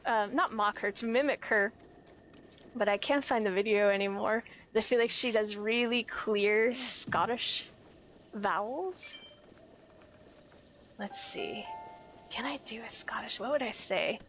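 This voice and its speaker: Young woman streaming a game, chatty and giggly, pitch a little high, kinda pokes fun at herself. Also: measured pace, pauses often, a bit bright, faint music behind, low-quality recording. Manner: chatty and giggly, self-deprecating. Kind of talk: casual chat while streaming a game. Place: home, lives in California.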